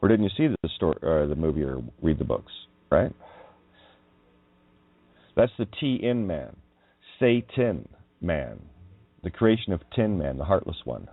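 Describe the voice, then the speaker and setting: A low-voiced man talks in a rambling, emphatic monologue, his pitch swinging up and down as he goes. The sound is thin and phone-like, close and dry. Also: sing-song, moderate pace, pauses often, slightly rough, no room sound. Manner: wandering, emphatic, swears when riled. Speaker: radio show host. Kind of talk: rambling monologue on word meanings. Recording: tinny phone-like line.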